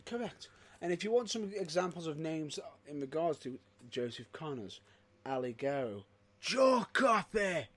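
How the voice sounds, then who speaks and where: A man co-hosting a casual chat show, excitable, with loud outbursts and rapid rambling asides. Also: on the high side. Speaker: podcast co-host.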